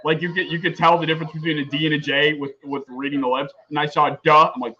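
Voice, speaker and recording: A young man live-streaming a sports draft reaction, excitable and swearing in frustration at the picks. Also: fairly high pitch, fast talker, dull audio.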